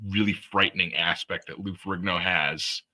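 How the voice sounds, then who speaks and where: A man's voice: deep voice, steady tone, moderate pace, pushed and bright, poor audio. A man hosting a live stream, chatting loosely with many fillers and some swearing. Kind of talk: casual chat on a live stream.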